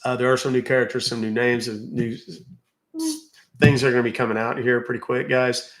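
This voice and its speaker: A man's voice: medium pitch, lively intonation, fairly quick, roomy sound. A man with a Southern American accent hosting a livestream, chatting casually with viewers, full of fillers and asides. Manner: chatty, drawling, many fillers. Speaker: livestream host. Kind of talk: casual livestream chat reading comments.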